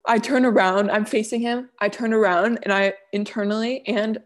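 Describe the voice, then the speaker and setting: A young woman co-hosting a casual chat, telling a story with lively acted-out quotes. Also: medium pitch, normal speed. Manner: animated, acts out quoted voices. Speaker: podcast co-host.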